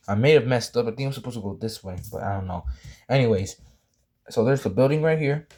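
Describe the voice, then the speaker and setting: A man's voice: mid-range voice, quick pace, darkish tone. A young man chatting casually as he draws, rambling and apologetic, full of fillers and restarts. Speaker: drawing tutorial creator. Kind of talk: casual drawing tutorial chat.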